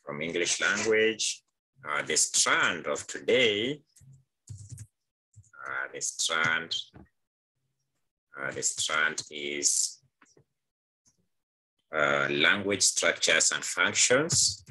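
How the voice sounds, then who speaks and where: A man's voice: extremely low pitch, animated, very slow, pauses often, bright, forceful tone, rough recording. A male teacher with a Kenyan accent, leading a live online class over a video call, with many hesitant fillers.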